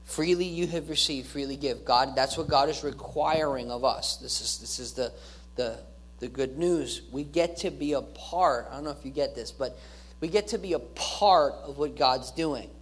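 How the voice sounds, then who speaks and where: A man's voice: on the high side, normal speed, breathy edge. Earnest male pastor preaching. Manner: earnest, preachy, with repeated phrases and restarts. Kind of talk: sermon.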